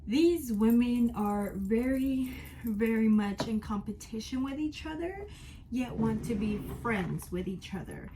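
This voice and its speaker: A woman's voice: on the high side, lively intonation, unhurried, dark tone, slight background noise, rough recording. A woman in her twenties chatting frankly to camera as she gets ready, telling her story with emphatic, casual talk. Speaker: vlogger. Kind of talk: candid life-update storytelling. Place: at home while getting ready.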